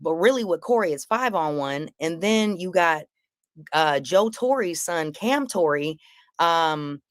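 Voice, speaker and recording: A woman comedian telling a story on a live panel show, acting out each quoted line with big jumps in pitch and plenty of swearing. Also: lively intonation, slow pace, no echo, clean studio sound.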